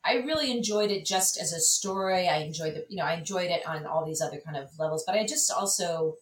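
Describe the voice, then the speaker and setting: A woman with a low voice speaks as a guest critic in an unscripted conversation. She is animated and full of fillers and restarts. Her voice sounds echoey and a little far from the mic. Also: fast, slight background noise. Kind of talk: casual conversation. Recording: echoey room, distant mic.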